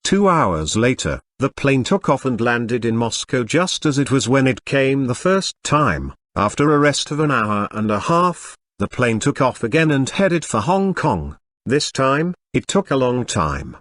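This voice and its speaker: A text-to-speech male voice narrating a web novel audiobook in an even, synthetic reading. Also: medium pitch, a little slow, hardly any pauses, no room sound, clean studio sound.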